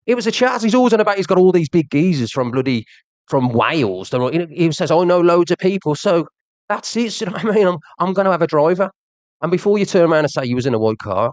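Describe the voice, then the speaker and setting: On a livestream, a man with a fairly high voice rants heatedly, confronting his viewers directly and repeating himself. The recording has no echo.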